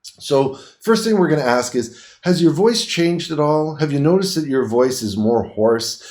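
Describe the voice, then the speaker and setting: Lively man teaching paramedic skills. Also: fairly high pitch. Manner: lively, plain-spoken teaching with quick demonstrations. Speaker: paramedic instructor. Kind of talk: demonstrating a clinical exam on camera.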